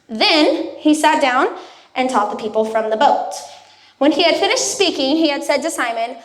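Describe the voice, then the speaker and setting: A young woman giving a youth sermon, telling a personal story in a casual way and acting out what people said. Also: high voice. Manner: casual storytelling, acts out quotes. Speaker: youth speaker. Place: church youth room. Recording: echoey room.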